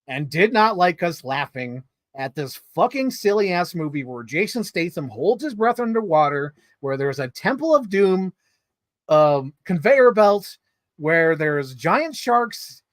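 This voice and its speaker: A man casually reviewing movies in a vlog, telling stories in an excitable, rambling way full of swearing and filler words. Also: sits high, dry recording, studio quality.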